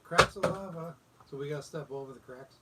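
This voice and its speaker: A man's voice: a little high, a little fast. A man co-hosting a podcast in casual chat, giving short replies and laughing along. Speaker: podcast co-host. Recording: distant mic, noisy background.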